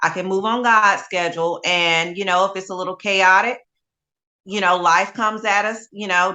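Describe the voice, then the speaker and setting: A woman gospel singer, a guest in an interview, talking in a relaxed, chill way. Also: medium pitch, normal speed. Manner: relaxed and chill, laughs easily. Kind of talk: casual interview chat.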